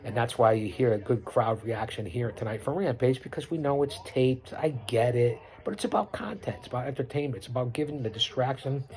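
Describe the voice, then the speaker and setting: A man's voice: medium pitch, fairly quick, few pauses, darkish tone. A middle-aged man hosting his own podcast, giving unscripted live commentary over a wrestling broadcast in a boastful, preachy way, repeating himself and rattling off lists. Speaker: podcast host doing wrestling watch-along commentary.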